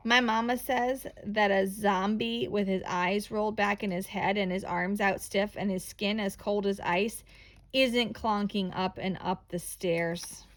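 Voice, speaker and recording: A woman reading a children's picture book aloud in a slow, expressive, playful storytelling manner. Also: medium pitch.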